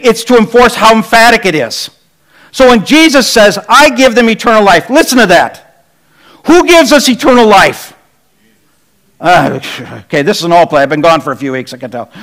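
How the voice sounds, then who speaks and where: Middle-aged guy pastor preaching, pretty high voice, keeps asking the crowd questions. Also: fairly bright tone, low-quality recording. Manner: conversational preaching with rhetorical questions. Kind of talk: sermon.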